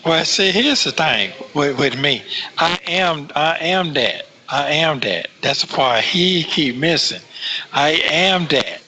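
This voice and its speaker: A man's voice: on the high side, expressive, takes it slowly, sharp tone, slight background noise. A man in a played clip who insists on his point and keeps repeating himself. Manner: insistent, repetitive.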